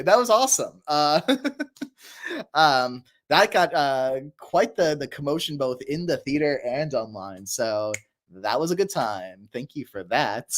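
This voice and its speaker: A man's voice: a little high, a bit bright. A man, a voice actor, chatting casually on a livestream and answering chat questions, rambling with frequent laughs and fillers.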